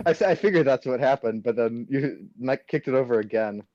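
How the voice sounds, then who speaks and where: A teenage guy hosts a loose podcast chat over a phone call, rambling and restarting his sentences, quick to laugh. His voice sits at a middle pitch. The line sounds dry and dull. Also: big pitch swings, a little mellow, no echo. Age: teens. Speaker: podcast host. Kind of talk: casual chat.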